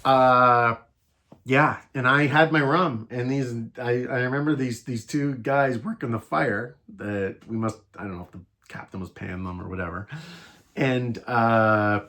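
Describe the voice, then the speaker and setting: A man casually telling a travel story, rambling and animated, with many restarts and fillers. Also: medium pitch, a little slow. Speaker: travel vlogger.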